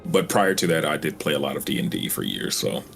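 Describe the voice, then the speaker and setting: A man's voice: rumbling low, big pitch swings, brisk, gravelly, faint music behind. A man casually introducing his tabletop character in an easygoing, rambling way. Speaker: player.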